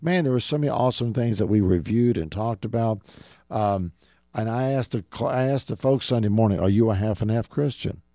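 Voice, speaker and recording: A middle-aged man delivers a radio sermon in a low, warm, mellow voice. He preaches earnestly and directly, often turning to his listeners as "folks". The sound is close and dry, with no room around it. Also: fairly quick, no echo. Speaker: radio show host and preacher.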